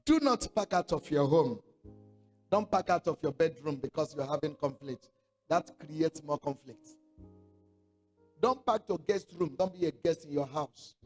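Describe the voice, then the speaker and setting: A man's voice: fairly high pitch, animated, measured pace, soft background music. A man preaching a sermon, emphatic, repeating his points and calling for response from the congregation.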